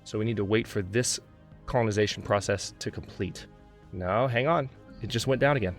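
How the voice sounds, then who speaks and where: A man's voice: lowish voice, a little fast, faint music behind. A man hosting a gameplay video, commenting as he plays and growing exasperated, talking to himself. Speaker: let's play host.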